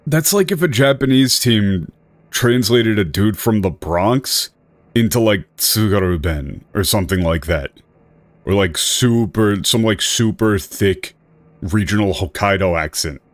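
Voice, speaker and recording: A man's voice: fairly low pitch, lively intonation, measured pace, no room sound. A male streamer giving rambling, self-correcting casual commentary with an exasperated edge.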